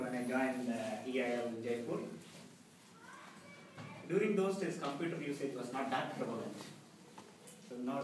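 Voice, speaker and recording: A middle-aged man giving a humorous prepared speech to a club, telling stories with acted quotes. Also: mid-range voice. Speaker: club speaker. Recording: echoey hall from far off, background noise.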